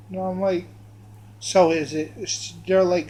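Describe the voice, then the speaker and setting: A man's voice: a little high, measured pace, warm tone, poor audio. A man telling a crude personal story on a vlog, rambling and meandering with many fillers and restarts.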